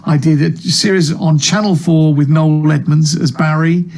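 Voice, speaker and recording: A man's voice: a little high, steady tone, moderate pace, a little mellow. Chatty, self-deprecating man on a video call. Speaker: comic actor, guest. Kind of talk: casual interview chat.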